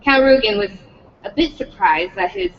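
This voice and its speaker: Woman reading aloud with lively pitch. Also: normal speed, creaky, long reverb tail, far from the mic, lo-fi sound, a little hiss or hum. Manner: adds profanity, breaks off laughing. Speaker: reader at a public read-in.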